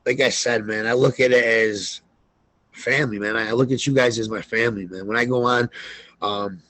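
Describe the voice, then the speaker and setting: A man talking as a podcast guest, loud and excitable, telling stories with lots of energy and cursing. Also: mid-range voice, normal speed, no room sound, low-quality recording. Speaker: guest sports bettor. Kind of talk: casual podcast interview.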